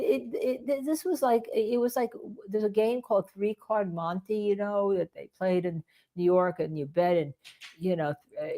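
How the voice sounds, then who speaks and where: A woman's voice: fairly low pitch, dark tone. An older woman who is a defense attorney, hosting live legal commentary in a rambling way and repeating points for emphasis.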